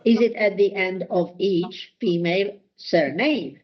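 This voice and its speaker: Slow, patient woman teaching a class. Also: mid-range voice, lo-fi sound. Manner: unhurried, patient explaining with frequent fillers. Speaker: language teacher. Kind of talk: classroom lesson.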